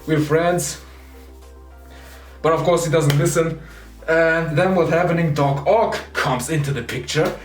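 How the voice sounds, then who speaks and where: Young male movie reviewer, eager and chatty, acts out quotes; slightly high voice, recorded far from the mic in a roomy space. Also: normal speed. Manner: excited, retells scenes acting out quotes. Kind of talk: casual spoiler review. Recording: echoey room, distant mic, faint music.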